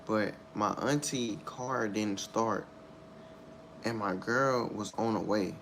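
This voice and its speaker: A young man giving a candid personal account in a halting, repetitive, subdued way, circling back over his words. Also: on the low side, fairly bright tone, slight background noise. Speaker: storyteller sharing a personal loss.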